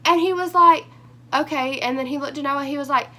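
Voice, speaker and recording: A young woman telling a rambling storytime vlog, animated and full of fillers, her voice hoarse. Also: high voice, fast talker. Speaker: vlogger.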